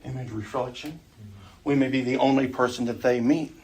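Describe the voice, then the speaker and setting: A man's voice: mid-range voice, steady tone, moderate pace, darkish tone, breathy edge. A middle-aged man teaching an adult Sunday school class in a conversational way, often putting questions to the group.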